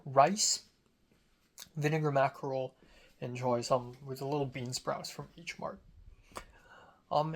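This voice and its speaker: A young man telling about his day in a casual diary vlog, rambling with many fillers and restarts. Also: a little high. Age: young adult. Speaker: vlogger.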